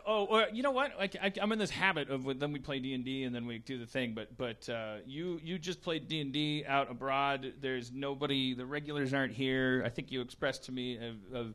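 A man's voice: medium pitch, a little fast, hardly any pauses, a bit bright. A man hosting a live comedy podcast, rambling and joking with frequent stammered restarts. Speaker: podcast host. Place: live theater stage.

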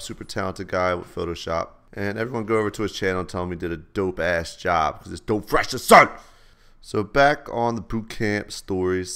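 Low-voiced man telling stories over gameplay. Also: a bit bright, clear, resonant tone. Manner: laid-back, slangy, profane. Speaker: gaming channel host. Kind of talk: casual storytelling over gameplay.

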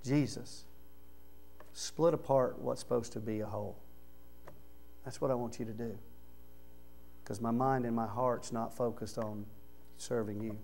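A man preaching a sermon in church, talking conversationally and swinging from quiet low murmurs to loud, raised emphasis. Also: fairly even intonation, unhurried, creaky, long pauses. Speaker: pastor. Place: church sanctuary.

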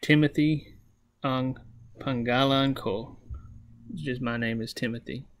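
Man, Southern US accent, mid-pitched, monotone, halting, casual language practice. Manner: halting, many restarts and ums, slow careful phrase repetition. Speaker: language learner vlogger. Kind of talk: casual self-taught language lesson.

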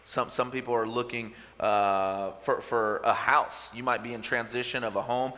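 A man in his thirties, a pastor preaching to his congregation in a relaxed, conversational way, with frequent "uh"s and restarts. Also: medium pitch, normal speed, in a large hall. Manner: conversational, many "uh" fillers and restarts. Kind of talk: sermon with prayer and storytelling. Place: church sanctuary with a live congregation.

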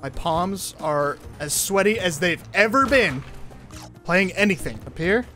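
Guy doing lets play commentary, high pitched, swings all over, yells at the game then laughs at himself. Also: expressive, unhurried, soft background music. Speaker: gaming video host. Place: home apartment, seated in a chair.

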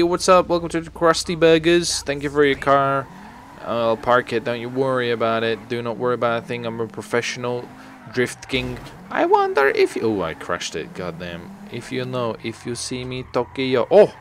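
A man's voice: mid-range voice, a bit bright, slight background noise. A man giving comedic let's-play commentary as a gaming video host, joking crudely, swearing freely and chatting to the game's characters. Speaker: gaming YouTuber.

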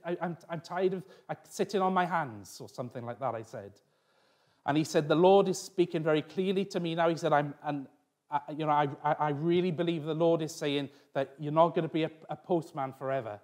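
A man's voice: a little high, darkish tone. A middle-aged man preaching a sermon as pastor, telling a personal story with restarts and asides.

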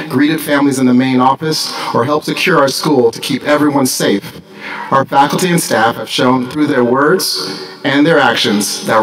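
A middle-aged man delivers a graduation address as the school principal, mixing formal thanks with dry jokes. His voice sits at an ordinary pitch and is picked up from a distance. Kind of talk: commencement speech. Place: large graduation ceremony.

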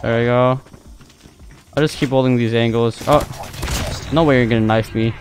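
A young man giving live commentary over his own gameplay, excitable, jumping between loud outbursts and muttered callouts. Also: mid-range voice, moderate pace, noisy background. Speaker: gaming YouTuber. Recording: music playing under gunfire.

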